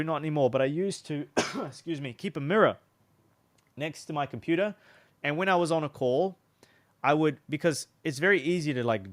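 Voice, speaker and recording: A man coaching on sales in a conversational, instructional way, demonstrating different tones of voice. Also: medium pitch. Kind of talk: casual instructional talk.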